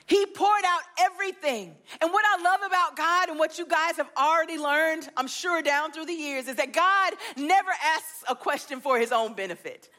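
A woman preacher delivering an earnest, expressive sermon and retelling scripture with feeling. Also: high voice, moderate pace, few pauses.

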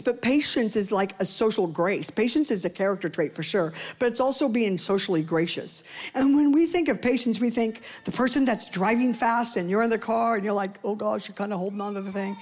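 A woman preaching a sermon in a conversational, playful way, often acting out quoted voices. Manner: conversational, playful asides to the congregation; acts out quoted voices with rising pitch.

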